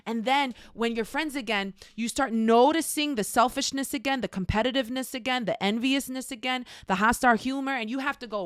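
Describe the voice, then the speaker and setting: A woman's voice: on the high side, a little fast, few pauses, fairly bright tone, no room sound, studio quality. A woman teaching a faith-based class in a frank, conversational way, speaking straight to her listeners. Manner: acts out quoted voices.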